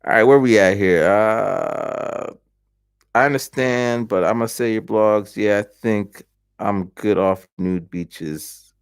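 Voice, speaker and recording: A man's voice: on the low side, takes it slowly, clear, resonant tone, no room sound, clean studio sound. A man in his forties chatting casually on a livestream at home, telling stories with voiced reactions. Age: 40s. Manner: animated storytelling with voiced reactions. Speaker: livestream host. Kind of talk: casual chat.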